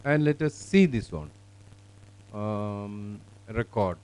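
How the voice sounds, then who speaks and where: Male demo presenter, relaxed mellow voice, explanatory, full of pauses and fillers. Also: fairly low pitch, clean tone, poor audio. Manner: explanatory, halting with fillers and restarts. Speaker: software demonstrator. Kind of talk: live classroom software demonstration.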